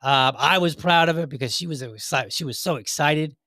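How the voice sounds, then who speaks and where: A man's voice: a little high, a little fast, bright, forceful tone, dry recording, clean studio sound. A middle-aged man hosting his own podcast, rambling in a chatty way with many restarts. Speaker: podcast host. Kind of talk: casual solo podcast commentary.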